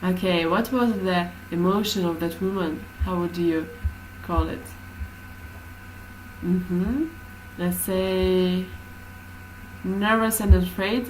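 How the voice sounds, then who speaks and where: A woman's voice: lowish voice, fairly even intonation, slow pace, a little mellow, slight background noise, rough recording. A woman teaching a class, explaining hesitantly with many fillers.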